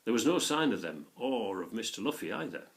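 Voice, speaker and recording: Expressive man reading a children's story. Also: on the low side, brisk. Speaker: narrator.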